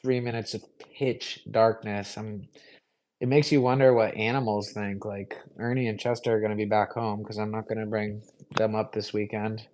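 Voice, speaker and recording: A man's voice: lowish voice, little pitch movement, normal speed, a little mellow, rough recording. A young man hosting a live stream, answering viewer questions in an easygoing, rambling way full of fillers. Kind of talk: casual live Q&A chat.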